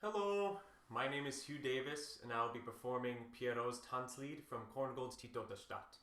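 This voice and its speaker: Quiet young man baritone in echoey room. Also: normal speed. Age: young adult. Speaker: student baritone. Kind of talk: brief self-introduction before singing.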